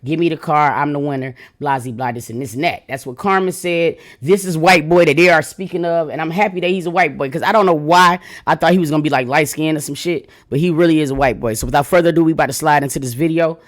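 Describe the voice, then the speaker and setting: A woman's voice: low-pitched, quick pace, hardly any pauses. A woman hosting a reaction channel, talking straight to her viewers in a hyped, slangy, casual way.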